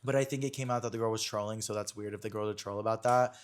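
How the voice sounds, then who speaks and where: A man's voice: fairly low pitch, steady tone, racing. A young man hosting a podcast in casual chat, rambling and packing his speech with fillers and online slang. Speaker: podcast host.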